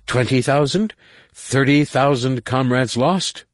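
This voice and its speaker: A man doing a booming drunk alien captain woman. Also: moderate pace, dry recording, studio quality, lightly acted. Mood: bitter, taunting. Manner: slurred, taunting, loud.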